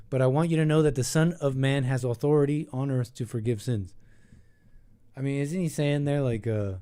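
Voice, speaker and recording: A man's voice: mid-range voice, mellow. A young man hosting a call-in show, rambling and thinking aloud in casual talk, with many restarts.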